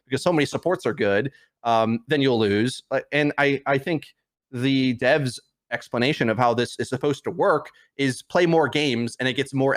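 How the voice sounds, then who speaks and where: A man talking through a video game in a casual podcast chat. He rambles, restarts his sentences often and leans on fillers as he works his way to a point. His pitch sits in the middle of the male range. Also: fairly bright tone. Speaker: podcast guest. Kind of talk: casual gaming discussion.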